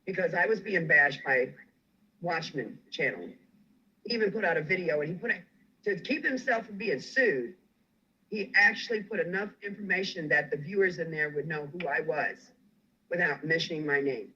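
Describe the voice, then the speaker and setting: A furious man rants on a livestream, his voice husky and sharp-edged. He swears and threatens without letup. The sound is dull and lo-fi. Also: a little high, normal speed. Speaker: guest on a livestream. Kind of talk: angry livestream rant.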